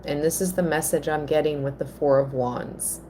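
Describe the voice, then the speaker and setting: A woman giving a live tarot reading, slow and earnest, at times emotional. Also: low-pitched, fairly even intonation, warm tone, a little hiss or hum. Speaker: tarot reader.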